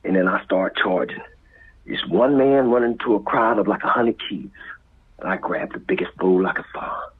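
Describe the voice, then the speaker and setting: A man with a Los Angeles accent telling a street story as a guest, acting out voices and sound effects and dropping to whispers, with a very husky voice. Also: on the low side, normal speed. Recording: tinny phone-like line.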